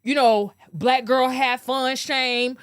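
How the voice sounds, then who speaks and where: Woman podcast host going off on a rant, kinda high voice, dry close sound, laughs a lot. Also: slow pace, clear, resonant tone, no room sound. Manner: animated, laughs often, swears freely; talks straight to viewers as "y'all". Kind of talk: casual opinion rant to camera.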